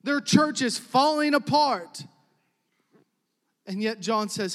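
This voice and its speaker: Man, pastor, high-pitched, emphatic repetitive preaching, loud builds and soft drops, reverberant church hall. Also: expressive, slow pace, pauses often. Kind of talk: sermon.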